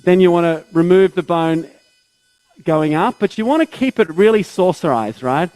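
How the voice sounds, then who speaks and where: Higher-voiced man teaching live surgery. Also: expressive, normal speed, darkish tone, dry recording, low-quality recording. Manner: explains step by step, with tag questions and restarts. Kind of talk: live surgical teaching commentary.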